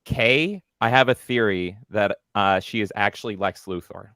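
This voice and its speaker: A man's voice: on the low side, normal speed, sharp tone, no room sound, clean studio sound. A man with a Canadian accent, a guest on a podcast, telling stories in a playful, self-mocking way. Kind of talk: casual chat.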